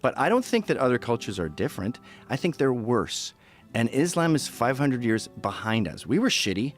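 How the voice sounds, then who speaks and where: A man's voice: medium pitch, big pitch swings, normal speed, faint music behind. A man giving blunt, profane, sardonic commentary in casual chat. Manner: blunt, sardonic, mimics other people's voices.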